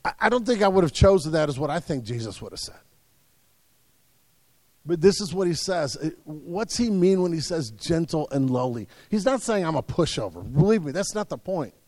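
A man preaching a sermon in an earnest way, repeating words and swinging between loud and soft. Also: on the high side, expressive, moderate pace, dry recording, big-room sound. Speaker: pastor.

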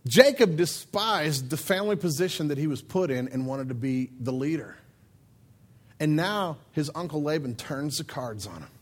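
A man preaching a humorous sermon, joking and talking in an animated, conversational way. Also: a little high, normal speed.

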